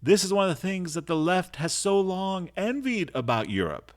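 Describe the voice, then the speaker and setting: Man, political commentary host, emphatic, rhetorical, lively pitch. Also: moderate pace. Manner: emphatic, rhetorical, punchy lists.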